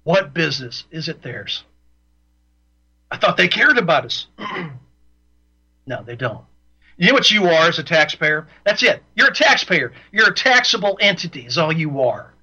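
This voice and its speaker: A man's voice: on the high side, very animated, moderate pace, long pauses, pushed and bright, slightly rough, lo-fi sound. A man hosting a talk radio show, ranting in an opinionated monologue and repeating his points for emphasis.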